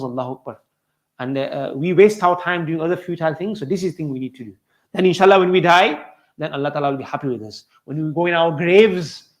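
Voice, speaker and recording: Fast-talking male preacher telling stories. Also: fairly high pitch. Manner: storytelling, addresses listeners as dear brothers. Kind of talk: sermon.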